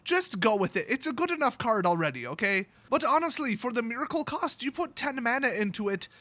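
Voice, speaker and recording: A man's voice: very high voice, big pitch swings, a little fast, sharp tone, no echo. Man in a put-on Irish accent. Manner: joking, exaggerated mock accent. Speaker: channel host. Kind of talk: card spoiler review.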